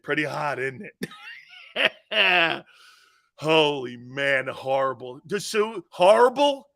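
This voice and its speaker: Male sports talk host from the Northeast, bright and forceful, lively pitch, slow and emphatic, profane storyteller. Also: vocal fry. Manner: loud, profane, laughs at his own stories.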